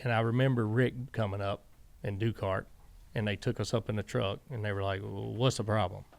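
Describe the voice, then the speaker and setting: Gravelly man telling racing stories. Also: on the low side, fairly quick. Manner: animated storyteller, acts out quoted dialogue. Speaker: podcast guest, former crew chief. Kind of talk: casual storytelling interview.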